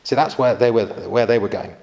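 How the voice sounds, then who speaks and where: A man's voice: medium pitch, fairly quick, a little mellow. Man giving a chatty history lecture. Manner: chatty asides and rhetorical questions to listeners. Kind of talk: informal history lecture to an audience.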